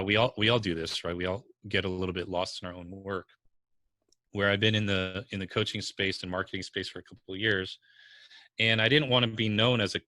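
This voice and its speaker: A man's voice: lowish voice, dry recording. A man from the New Jersey or New York area with a New York-area accent, a business coach telling stories bluntly and energetically in a podcast interview. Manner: blunt, energetic storytelling with strong language.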